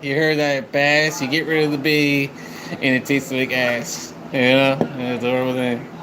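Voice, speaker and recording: A man's voice: mid-range voice, completely flat delivery, moderate pace. Rambling, cussing man on a livestream. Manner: profane, rambling, talks to viewers. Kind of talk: rambling live-stream chat. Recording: noisy background.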